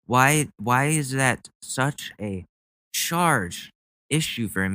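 A man's voice: mid-range voice, lively intonation, slow, bright, forceful tone, no room sound. A man hosting a podcast, ranting about the news with sarcastic, mocking commentary. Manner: sarcastic, mocking, goes on rants. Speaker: podcast host. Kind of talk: casual comedic commentary.

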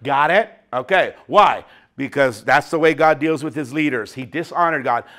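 A male preacher giving a conversational sermon in an animated, chatty way. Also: mid-range voice, normal speed.

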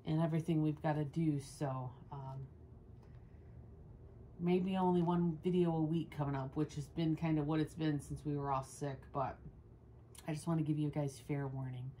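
This dog owner and channel host talks casually and rambles as she grooms her dog indoors in a sunlit room by the windows, cooing at it now and then. Her voice sits low and mellow with a steady tone at normal speed. The nearby camera adds a little hiss or hum.

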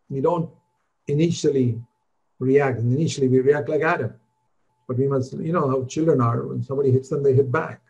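An older man preaching a sermon in an earnest, conversational way, rising in pitch on the points he stresses. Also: mellow, rough recording. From India.

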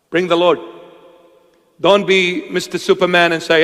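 A man's voice: high voice, little pitch movement, moderate pace, long pauses, a bit bright. A man preaching a sermon with impassioned, emphatic delivery, sometimes acting out voices. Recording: long hall reverb.

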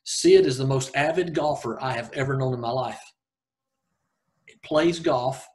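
Southern man, 50s, veteran coach as interview guest; earnest, halting delivery, average pitch. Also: a little mellow. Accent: Southern American. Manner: earnest, halting with frequent restarts. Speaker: high school golf coach, guest. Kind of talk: casual interview storytelling.

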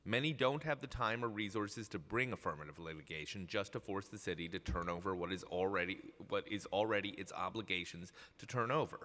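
A man reading prepared union testimony at a city council hearing, firm and measured. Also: low voice, pushed and bright. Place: council chambers at city hall. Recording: council chamber, long reverb.

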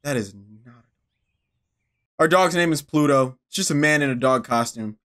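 A man's voice: fairly high pitch, normal speed, a bit bright. A young man giving joking, profane commentary while playing horror games, answering the characters on screen. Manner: joking, profane, talks back to the game. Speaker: gaming YouTuber. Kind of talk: let's-play commentary.

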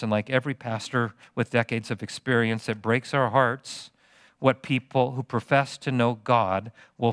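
A middle-aged man preaching a sermon as pastor, animated and teasing the congregation with questions. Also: mid-range voice, smooth, no echo, clean studio sound.

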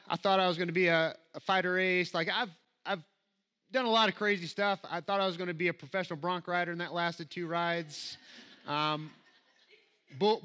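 Bright-voiced Southern preacher. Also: male voice, sits high, smooth. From Alabama, US. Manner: conversational and self-deprecating, rising to emphatic reading. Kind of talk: sermon. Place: church sanctuary.

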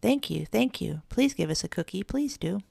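A woman's voice: mid-range voice, lively intonation, normal speed, gravelly, warm tone, slightly rough, no room sound, clean studio sound, heavily acted. A woman voicing three small, eager kittens who speak together in pleading, lifted tones.

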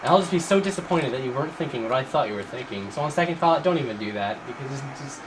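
A man's voice: mid-range voice, fast talker, background noise. Sarcastic man ranting over a game. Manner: mocking, profane, bursts of fake excitement and yelling at enemies. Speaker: gameplay commentator. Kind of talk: sarcastic let's-play commentary.

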